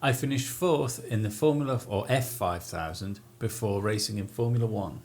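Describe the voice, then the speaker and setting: A man's voice: on the low side, normal speed, a little mellow. A man co-hosting a casual motorsport podcast, playful and joking, giving quiz clues. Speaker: podcast co-host running a quiz. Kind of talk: casual chat.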